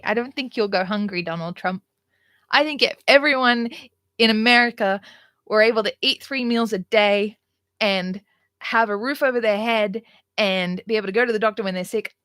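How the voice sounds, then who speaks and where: A woman's voice: fairly high pitch, normal speed, a bit bright, no echo, clean studio sound. Blunt, sarcastic woman streaming. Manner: blunt, sarcastic, candid, swears freely. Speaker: livestream host. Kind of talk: casual livestream chat.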